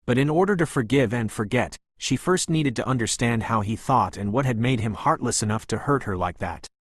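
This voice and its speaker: A man narrating a novel as an audiobook in a calm, even, pleasant reading voice. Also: mid-range voice, fairly quick, no room sound, studio quality.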